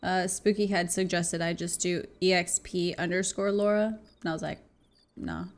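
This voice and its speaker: A woman's voice: fairly low pitch, fairly even intonation, normal speed. A woman streaming a game live, chatty and giggly, talking to her viewers and swearing now and then. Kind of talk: casual chat while gaming on stream.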